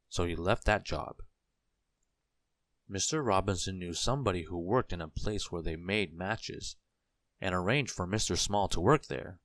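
A man reading a children's storybook aloud in a slow, gentle, clear storytelling manner. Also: low voice, no echo. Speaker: narrator.

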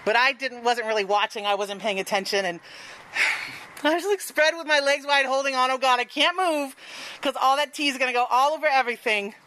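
High, bright-voiced woman telling a frank story. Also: fairly quick, poor audio. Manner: frank, profane and laughing. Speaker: storyteller and show host. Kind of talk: live stage storytelling.

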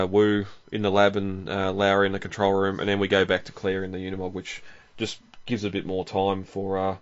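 A man with a fairly low voice talks through a film in a relaxed, rambling way, with lots of ums and a chuckle every few lines. He is the host of the show. The audio is dull and lo-fi. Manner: rambling, chuckles often, many fillers. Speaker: podcast host. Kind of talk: casual film commentary.

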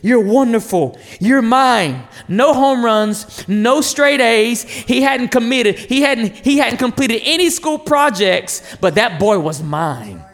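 A man in his thirties preaches with a voice pitched very high for a man. His delivery is lively, with the pitch swinging widely. He pleads and asks the congregation questions. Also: slow, hardly any pauses, big-room sound. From North Carolina, USA. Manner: passionate, animated preaching with rhetorical questions to the crowd. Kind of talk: sermon.

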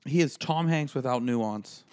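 A man's voice: medium pitch, a little slow, darkish tone, clean tone. A man co-hosting a comedy podcast, teasing his partner with dry jokes and leading questions. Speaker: podcast co-host. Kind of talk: casual comedic chat.

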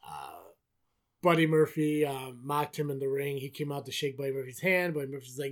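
A man's voice: medium pitch, lively intonation, fairly quick. A man co-hosting a podcast, recapping wrestling in casual chat, swearing often and sarcastic. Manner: profane, sarcastic, rambling. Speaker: podcast co-host.

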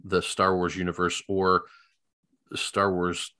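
A man's voice: sits low, completely flat delivery, a little slow, pushed and bright. A man co-hosting a podcast in casual, joking chat, often laughing. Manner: laughs often, playful, loose. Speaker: podcast co-host.

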